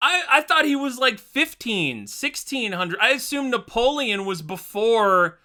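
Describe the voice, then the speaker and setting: A man's voice: extremely high pitch, very animated, a little slow, pushed and bright. A young man hosting a reaction video, chatting casually and thinking aloud in a rambling, self-deprecating way.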